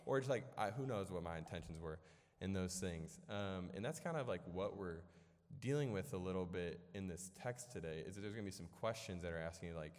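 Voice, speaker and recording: A man's voice: low voice, brisk, a little mellow. A young man from Illinois giving a storytelling sermon in a church hall, casual and rambling with lots of fillers and self-deprecating jokes. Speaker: preacher. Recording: echoey hall with long reverb.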